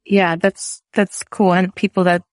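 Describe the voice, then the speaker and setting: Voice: mid-range voice, level tone, measured pace, dry recording. Hesitant, friendly interview host. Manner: loose, hesitant questioning with fillers. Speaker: podcast host. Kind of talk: conversational interview.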